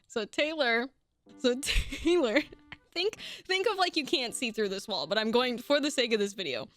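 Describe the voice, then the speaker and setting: Speaking at an unhurried pace in a medium pitch, a young woman animatedly recounts something that happened to her, cursing casually, laughing often and starting sentences over. There's no room sound on the recording.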